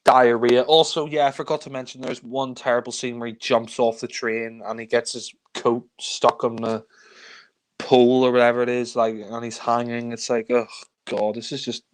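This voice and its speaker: A man's voice: mid-range voice, level tone, moderate pace. A young man ranting in exasperation about a film he hates, swearing often in a casual review chat.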